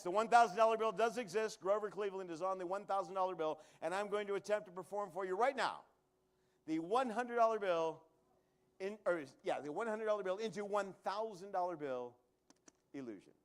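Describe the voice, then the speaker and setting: A man with a notably high voice works a comedy showroom as a magician. He jokes his way through tricks and throws quick asides to the audience in a live stand-up manner. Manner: joking, quick asides to the crowd.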